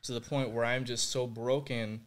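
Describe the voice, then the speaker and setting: A man's voice: mid-range voice, flat delivery, moderate pace. Young adult male guest, earnest, reflective, filler-heavy, mid-range voice. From Puerto Rico. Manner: earnest and reflective, heavy use of "like" and "you know". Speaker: guest sharing his faith testimony. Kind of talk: candid interview conversation.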